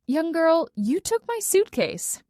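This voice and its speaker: A woman voicing a kindly older woman traveler who gently teases a young girl. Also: very high-pitched, very animated, slow, no echo, clean studio sound, voice pushed up, full character voice. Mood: amused. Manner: gentle, teasing.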